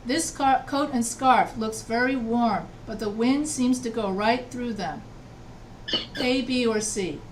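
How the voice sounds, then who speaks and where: A woman's voice: a little high, takes it slowly, recorded from a distance, a little hiss or hum. A woman writing instructor teaching an online class, patiently repeating answers and checking that students follow. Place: video call from home.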